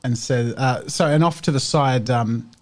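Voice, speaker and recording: A man's voice: medium pitch, unhurried. A man running a tabletop role-playing game, narrating casually with lots of fillers. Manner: casual, many fillers, laughs often. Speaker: game master.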